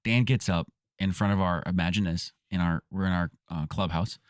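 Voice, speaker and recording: A man co-hosting a podcast in casual chat, telling stories in an excitable, chatty way. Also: sits low, normal speed, smooth, dry recording, studio quality. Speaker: co-host. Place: basement studio.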